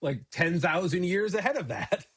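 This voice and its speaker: A man, a pastor co-hosting a casual Bible discussion, talking in an animated, joking way and acting out quotes in a raised voice. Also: sits high, normal speed, slightly rough. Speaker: pastor and podcast co-host.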